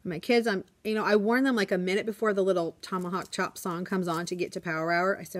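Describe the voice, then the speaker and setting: A woman's voice: mid-range voice, steady tone, quick pace, hardly any pauses. A young adult woman, a first grade teacher, telling a rambling, self-deprecating story in a casual vlog and acting out what people said. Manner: chatty and rambling, self-deprecating, acts out quotes.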